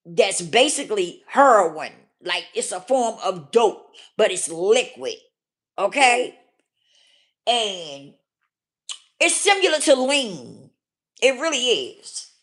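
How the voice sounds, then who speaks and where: A woman speaks candidly to her viewers in a storytelling vlog, her pitch swinging high and low as she stresses each point. She is blunt and unfiltered, and she keeps checking in with her audience. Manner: emphatic, talks straight to viewers with frequent 'okay?' and 'do you hear me?'; blunt and profane. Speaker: vlogger.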